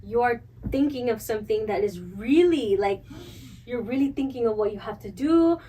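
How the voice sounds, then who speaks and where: Teasing woman co-host, high, very expressive pitch, some Spanish mixed in, slightly distant mic. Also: normal speed, slight background noise. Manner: teasing, mixes in Spanish phrases. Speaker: podcast co-host. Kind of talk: casual chat. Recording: voice from a bit off the mic.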